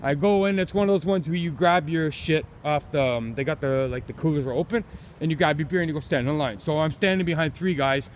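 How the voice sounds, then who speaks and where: A man's voice: a little high, brisk, slight background noise. A middle-aged man, ranting bluntly and profanely as he tells an angry story in his vlog. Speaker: vlogger.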